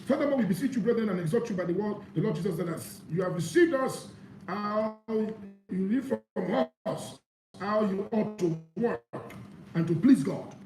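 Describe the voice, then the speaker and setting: A man preaching a sermon, reading scripture aloud and explaining it with animated emphasis. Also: high-pitched, distant mic, a little hiss or hum. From Nigeria. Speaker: pastor. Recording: echoey room.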